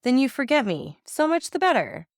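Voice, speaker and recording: A woman's voice: high voice, very animated, normal speed, no room sound, clean studio sound, voice pushed up. A woman voicing a grieving, despairing young man in an audiobook reading, speaking in a pleading, bitter way.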